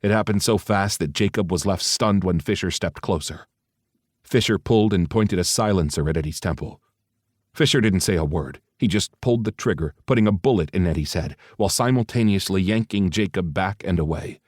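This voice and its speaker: A man reading an audiobook in steady, even scripted narration. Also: low-pitched, fairly quick, no room sound, clean studio sound.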